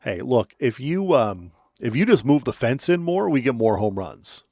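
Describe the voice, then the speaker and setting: A man co-hosting a sports talk show, joking and sarcastic in quick casual banter. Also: mid-range voice, very animated, a little mellow, no echo.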